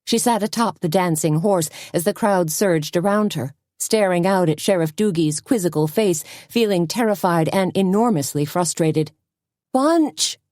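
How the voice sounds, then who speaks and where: A woman narrating a cozy mystery audiobook in an expressive storytelling manner. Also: fairly low pitch, normal speed, few pauses, dry recording, clean studio sound. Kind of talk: scripted narration.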